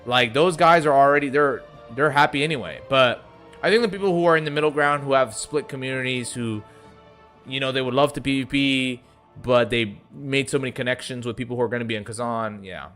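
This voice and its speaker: Young man, streamer, US East Coast accent, bright forceful voice, casual swearing chat, soft music underneath. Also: mid-range voice, a little fast. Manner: loose, profane, reads chat aloud. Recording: faint music behind.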